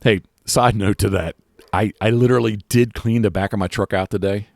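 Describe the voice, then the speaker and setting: Deep-voiced rambling male podcast host. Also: steady tone, fairly quick, creaky, darkish tone, no room sound. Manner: rambling, many restarts and fillers. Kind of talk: casual chat.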